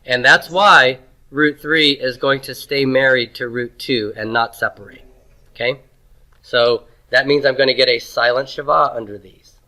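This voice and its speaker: A man's voice: mid-range voice, steady tone, normal speed, bright, forceful tone, poor audio. A man lecturing a class, drilling pronunciation and asking questions. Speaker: teacher.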